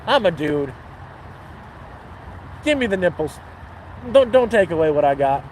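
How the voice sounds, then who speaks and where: A man chatting casually on a livestream, crude and laid-back, swearing as he tells dark jokes. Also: on the high side, big pitch swings, unhurried, a little hiss or hum, low-quality recording. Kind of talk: casual livestream chat and joke telling. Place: outdoors near water.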